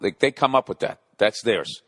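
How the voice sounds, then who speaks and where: A man's voice: fairly low pitch, expressive, normal speed, no room sound, clean studio sound. A man in his forties hosting a solo comedy podcast, ranting profanely and rambling, scolding himself back on topic. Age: 40s. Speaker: podcast host.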